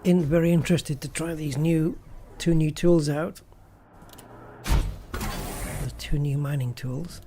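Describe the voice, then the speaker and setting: A man's voice: a little high, fairly even intonation, takes it slowly, long pauses, background noise. A man hosting a gaming channel, chatting casually and thinking aloud as he plays. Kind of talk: casual gameplay commentary.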